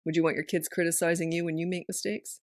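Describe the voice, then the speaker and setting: A middle-aged woman hosting a parenting podcast, talking frankly in casual chat and telling stories with quick asides. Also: fairly low pitch, level tone, no echo, studio quality. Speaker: parenting coach and podcast host.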